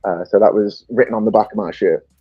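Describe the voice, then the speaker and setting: A podcast guest from England with a Stoke-on-Trent accent chats casually and tells anecdotes, laughing often. His voice is fairly low, husky, fast, and fairly even in intonation. The dry mic sounds dull and lo-fi, with no room sound and faint music behind him.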